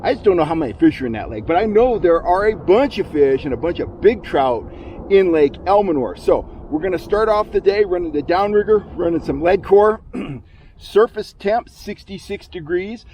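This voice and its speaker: A middle-aged man hosting a fishing vlog from a boat on a lake, talking through his gear and getting loudly excited when fish bite. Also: sits high, brisk, slight background noise, rough recording. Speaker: fishing channel host. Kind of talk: outdoor fishing vlog narration.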